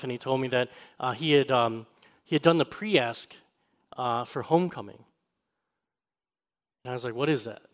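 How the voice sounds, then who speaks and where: A man preaching a sermon, moving between raised, emphatic points and quiet, quick personal stories told to the congregation. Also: medium pitch. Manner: swings from raised, emphatic preaching to quiet, fast conversational storytelling. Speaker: pastor.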